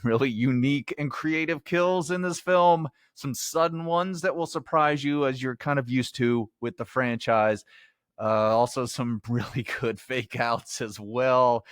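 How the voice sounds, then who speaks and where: A man's voice: medium pitch, no echo, clean studio sound. A man hosting a podcast, giving a chatty, casual movie review and laughing often. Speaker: podcast host. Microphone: headphones, home podcast mic.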